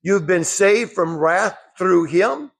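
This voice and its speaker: A man preaching a sermon, rising emphatically when quoting scripture and dropping low for asides. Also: slow, vocal fry, fairly bright tone, husky.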